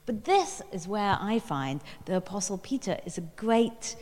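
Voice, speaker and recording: A woman giving a sermon, reflective and storytelling in tone, with pauses and small fillers as she works through her thoughts. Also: mid-range voice, big pitch swings, darkish tone. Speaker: preacher. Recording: long hall reverb.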